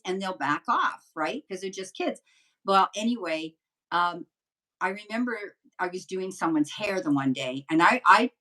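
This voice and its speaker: An older woman with a lowish voice tells long, rambling stories as a medium guest in a relaxed interview. She sounds a little distant from the microphone. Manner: rambling, chatty anecdotes. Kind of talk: casual storytelling interview.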